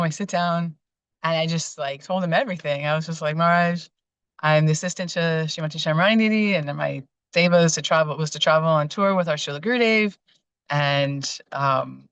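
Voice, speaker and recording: A woman's voice: deep voice, no echo. A woman telling personal devotional memories in a casual, heartfelt way, rambling with fillers and restarts. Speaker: guest sharing memories.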